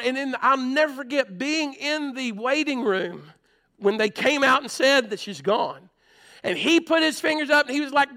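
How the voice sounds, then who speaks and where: High-voiced preacher man. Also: fairly quick. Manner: earnest storytelling preaching with sudden swings between loud and hushed. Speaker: pastor. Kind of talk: sermon. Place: church sanctuary at a pulpit.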